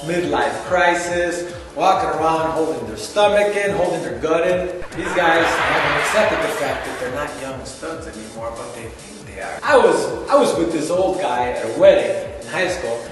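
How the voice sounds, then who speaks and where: Brief: male stand-up, wry and self-mocking, far from the mic in an echoey hall, loud music. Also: a little high. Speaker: stand-up comedian. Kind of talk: comedy monologue.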